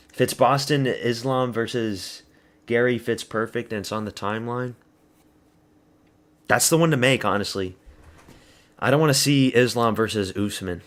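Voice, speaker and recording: Man giving casual live fight commentary. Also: medium pitch. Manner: chatty, answers viewer chat, swears freely. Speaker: watch party streamer.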